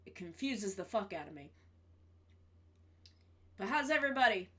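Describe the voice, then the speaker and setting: A woman's voice: medium pitch, big pitch swings, normal speed, bright, forceful tone. A woman streamer chatting casually to her viewers, swearing freely and repeating her greetings. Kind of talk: casual live-stream chat.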